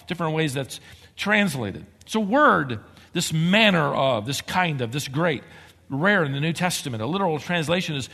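Expressive male preacher in a reverberant hall. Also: sits high, unhurried. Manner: expressive preaching, swings between quiet and emphatic. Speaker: pastor. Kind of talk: sermon.

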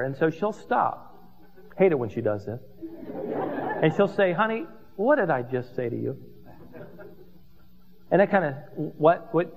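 A pastor preaching a sermon, telling stories with asides and humor. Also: male voice, high voice. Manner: animated storytelling with asides and humor. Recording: dull reverberant hall recording.

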